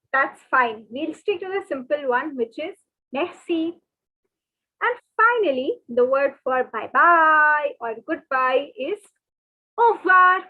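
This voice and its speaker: A woman teaches in an online lesson, her voice high and bright in pitch. She is patient and says every word slowly, over and over. The sound is thin and narrow, like a phone line. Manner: patient, repeats each word slowly and often. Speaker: French teacher. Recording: thin phone-like webinar audio.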